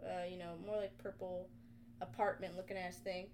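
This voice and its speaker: A young woman co-hosting a podcast, retelling a video game in casual, animated chat full of swearing. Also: on the low side, moderate pace, a little hiss or hum. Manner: animated, profane storytelling. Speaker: podcast co-host.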